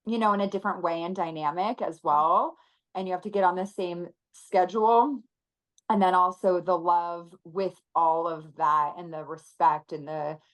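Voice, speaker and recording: A woman in her thirties, a guest on an interview podcast, talking earnestly and reflectively, with soft laughs now and then. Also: on the low side, low-quality recording. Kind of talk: conversational interview.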